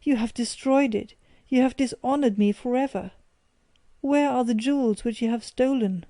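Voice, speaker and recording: A woman's voice: medium pitch, little pitch movement, normal speed, warm tone, dry recording, close to an everyday voice. A woman voicing a proud, stern older male banker who bursts out in indignant accusations. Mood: furious.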